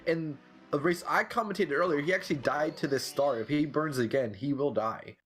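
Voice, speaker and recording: A man giving casual play-by-play commentary on a speedrun race, relaxed and full of fillers. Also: a little high, fairly quick. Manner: relaxed, lots of filler "like" and "you know".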